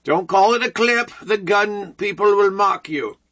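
A man's voice: high voice, a little slow, a bit bright. A man hosting a talk radio show, joking and rambling in a sarcastic way.

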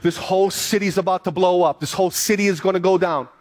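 A man's voice: high voice, steady tone, quick pace. A man preaching a sermon, reading scripture aloud and then pressing his points with repetition and emphasis. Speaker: pastor.

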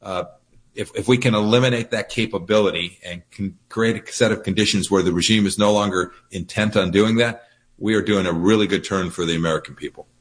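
A man giving firm, measured political commentary as a guest, often repeating words as he starts a sentence. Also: lowish voice, fairly even intonation. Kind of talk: political interview by phone or video link.

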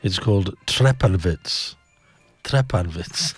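A man's voice: lowish voice, animated, a little slow. A man hosting a fun-facts show. He reads trivia playfully and theatrically, repeating words and laughing at his own facts. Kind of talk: playful fact reading. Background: loud background music.

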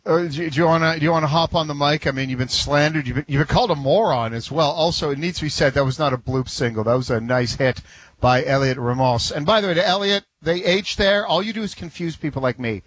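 A man's voice: a little high, fast, a bit bright, husky, no echo. A man co-hosting sports talk, chatty and joking. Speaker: sports radio co-host.

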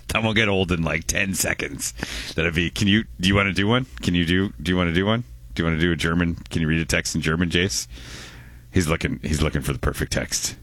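A man's voice: sits low, fairly bright tone, no room sound. A man co-hosting a radio show, chatting casually in a playful, jokey way. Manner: playful, jokey, quick to laugh. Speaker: radio co-host. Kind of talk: casual chat.

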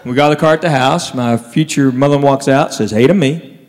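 A man performing a stand-up routine, telling animated stories and acting out his relatives. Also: medium pitch, fairly quick. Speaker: stand-up comedian. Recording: live venue with long reverb, faint crowd noise.

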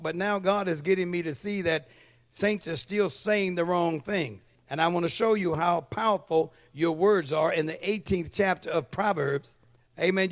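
A male pastor preaching a sermon in church, calling for amens and checking that the congregation follows along. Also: high-pitched. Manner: calls for amen and asks if the congregation follows.

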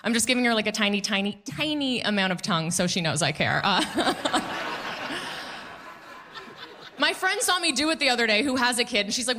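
A woman in her thirties performing a stand-up comedy set on a club stage, animated and quick to mimic people in her stories. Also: on the high side, background noise.

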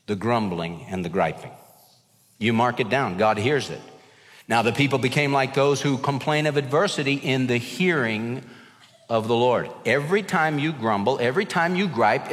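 A male pastor preaching a lively sermon, acting out complaining voices as he tells stories. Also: fairly high pitch. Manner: animated storyteller, acts out voices of complaining children and people. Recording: long hall reverb.

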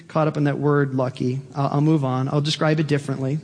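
A man delivers a sermon from the pulpit, his voice pitched high and bright. He preaches with animated energy, pushing up to excited peaks. The sound carries a long church-hall reverb behind it. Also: quick pace, hardly any pauses. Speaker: pastor.

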